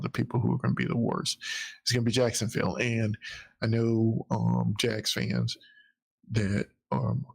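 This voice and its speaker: A man with a gravelly, husky voice hosts a casual live stream, talking in a loose, halting way. He trails off and restarts his sentences, thinking out loud as he goes. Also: fairly low pitch. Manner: rambling, halting, restarts often. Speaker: host of a live football talk stream.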